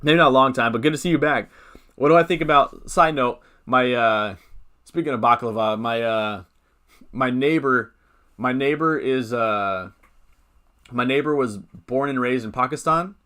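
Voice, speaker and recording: A young man hosts a casual live stream, chatting loosely and drifting off on tangents. His voice sits at an ordinary middle pitch. Now and then he stops to read out comments from his viewers and answer them. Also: moderate pace, sharp tone. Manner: rambling, chats with viewers, reads out comments.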